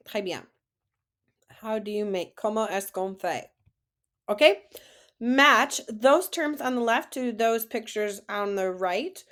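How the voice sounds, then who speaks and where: A woman French teacher leading a classroom-style lesson, saying words slowly for students to repeat and praising their answers. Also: mid-range voice, expressive, a bit bright. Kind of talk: classroom lesson, slow model pronunciation.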